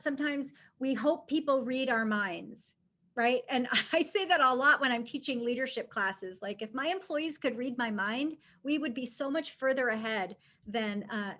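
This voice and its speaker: High-voiced woman coaching a webinar. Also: fairly bright tone. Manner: chatty and conversational, with frequent "right?" check-ins. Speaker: leadership coach and webinar presenter. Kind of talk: live webinar teaching. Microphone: camera mic facing the presenter.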